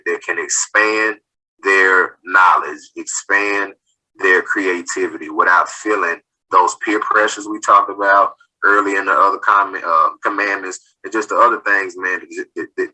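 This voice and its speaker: Husky, bright-toned low-voiced man. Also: poor audio. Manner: emphatic, repeats words as he builds a point. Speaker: panel guest. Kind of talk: casual group discussion.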